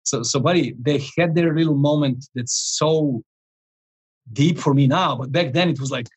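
Male life coach, 40s, interview guest; slightly high, husky voice; animated, restart-heavy storytelling. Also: normal speed, poor audio. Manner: animated, rambling, frequent restarts and chuckles.

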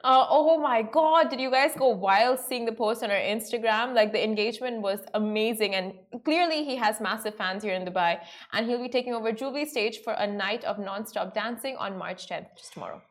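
A woman's voice: a little high, brisk, few pauses. A woman co-hosting a casual news chat show, talking in an upbeat, casual way with lots of fillers. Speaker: show co-host.

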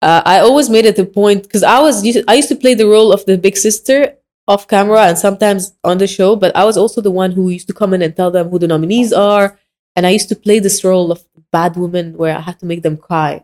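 Woman, quick and animated, a sports presenter recounting stories as a guest. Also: medium pitch. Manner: animated, emotional storytelling, mixing English and Arabic. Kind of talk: storytelling in a podcast interview.

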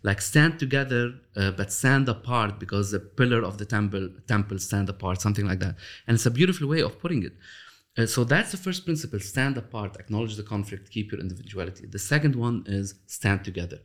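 Low-voiced man telling a reflective story. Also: expressive. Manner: thoughtful, hesitant restarts, slows down for emphasis. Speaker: interview guest, author of a love system.

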